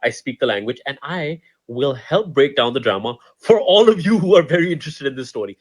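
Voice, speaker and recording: A man from Pakistan, casually retelling a news story, animated and laughing often. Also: mid-range voice, brisk. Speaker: commentator.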